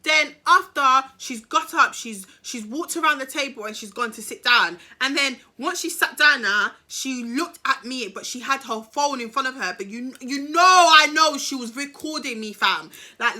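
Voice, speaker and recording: A young woman, telling a story to camera in a casual, animated, slangy way. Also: high-pitched, moderate pace, few pauses. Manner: chatty, animated, slangy, swears. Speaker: storytime vlogger.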